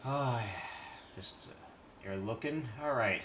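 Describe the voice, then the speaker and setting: A man's voice: medium pitch, expressive, takes it slowly, noisy background. Winded man rambling while cooking on stream. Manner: rambling, swears often, reads recipe aloud. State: out of breath. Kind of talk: casual live-stream chat while cooking.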